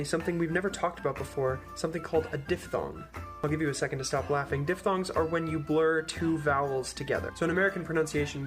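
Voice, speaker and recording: A man with a slightly high voice walks through a short tutorial in a measured, explanatory way. He slips in dry jokes as he goes. Music plays clearly behind him. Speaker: accent tutorial presenter. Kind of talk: instructional comedy tutorial.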